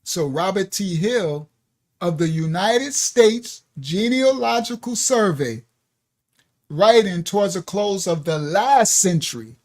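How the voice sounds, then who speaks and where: A man's voice: sits high, lively intonation, slow pace. A man hosting a livestreamed religious teaching, talking casually and emphatically to viewers at home and laughing often. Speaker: ministry teacher.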